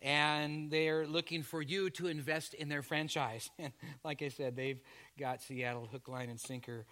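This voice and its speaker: A man's voice: fairly high pitch, steady tone, measured pace, pushed and bright. A man from Canada, a pastor delivering a sermon in a chatty, joking way that teases the congregation. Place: church service before a congregation.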